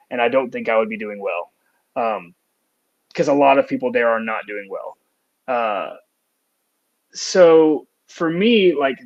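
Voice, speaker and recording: A young adult man who teaches music talks earnestly and reflectively in a casual podcast chat, using plenty of fillers. His voice is mid-range and the audio sounds dull.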